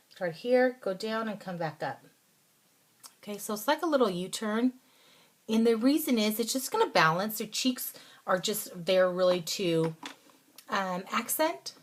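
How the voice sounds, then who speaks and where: A woman hosting a casual makeup tutorial, talking through each step in an instructive, chatty way and now and then dropping into soft asides. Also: on the low side. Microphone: phone or camera close by.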